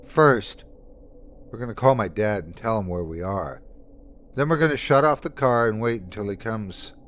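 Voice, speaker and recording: Guy doing a scared young woman behind the wheel, snappy, low voice pushed up, swingy pitch. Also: lively intonation, normal speed, fairly bright tone. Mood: shaken. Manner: exasperated, snapping.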